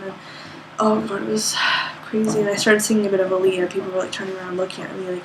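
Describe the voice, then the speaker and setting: A young woman, an art student, recounting her day in a loose, rambling way, full of "like" fillers, jumping up high in pitch whenever she quotes someone. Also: flat delivery, brisk, noisy background. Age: young adult. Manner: rambling, lots of "like" fillers, acts out quoted people with sudden high pitch jumps. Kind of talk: casual spoken recollection.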